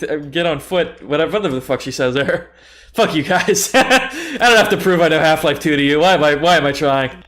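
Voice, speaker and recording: A young male streamer with a slightly higher-than-usual, fairly bright voice talks a little fast as he rambles through a game, chatty and loose. He swears freely, keeps poking fun at himself, and laughs often while talking to his chat in casual livestream commentary.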